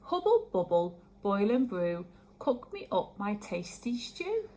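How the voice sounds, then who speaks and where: A woman voicing an eager, excitable little girl witch in a read-aloud storybook, speaking brightly. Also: mid-range voice, slow. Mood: thinking.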